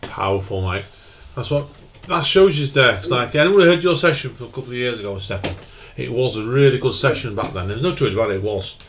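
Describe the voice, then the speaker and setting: A man's voice: mid-range voice, expressive, quick pace, a bit bright, slight background noise. A man hosting a casual chat, giving enthusiastic, informal praise. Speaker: host.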